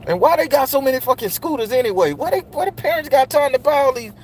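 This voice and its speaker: Talking fast with few pauses, a middle-aged man hosts a channel for men, addressing his audience directly in a casual monologue that is blunt, profane and preachy. His pitch is extremely high and his intonation lively. There is noise in the background.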